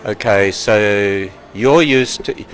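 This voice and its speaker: A man's voice: fairly low pitch, slow pace, soft background music, poor audio. A man in his sixties with an Australian accent, giving a casual tour and chatting with visitors, joking and laughing often. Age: 60s. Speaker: ministry president giving a tour. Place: walking through a building and outdoors.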